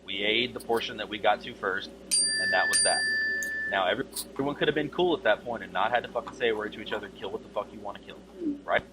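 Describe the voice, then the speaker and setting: A man with a lowish voice argues in a rapid, profane rush over voice chat, laying out his side of a raid dispute. The recording is full of steady background noise. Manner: fast, combative, profane. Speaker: guild raid leader in a dispute. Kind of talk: heated voice-chat argument.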